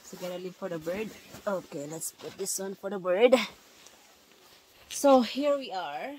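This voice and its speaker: A woman chatting softly and playfully with her young child during a family vlog in an ice fishing tent. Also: lowish voice, slight background noise. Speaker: vlogger, mother. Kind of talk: casual family vlog chat.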